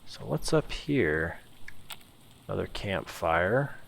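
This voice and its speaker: A man giving relaxed, casual let's-play commentary, musing to himself as he explores. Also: sits low, takes it slowly, vocal fry, slight background noise. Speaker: gameplay commentator.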